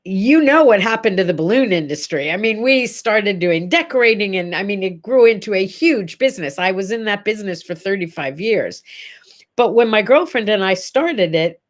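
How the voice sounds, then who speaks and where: An older woman hosting a casual morning chat, telling stories with lively energy and acting out the voices of the people in them. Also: medium pitch. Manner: animated, acts out quoted voices in stories. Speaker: livestream host.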